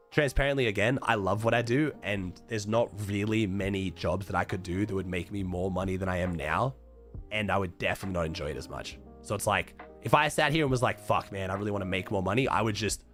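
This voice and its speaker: A young Australian man streaming and chatting to viewers, hoarse and thick-voiced from a chest infection, talking loosely with lots of swearing and trailing off into quieter mumbles. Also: on the low side. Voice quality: thick and raspy. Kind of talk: casual livestream chat. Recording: faint music playing behind.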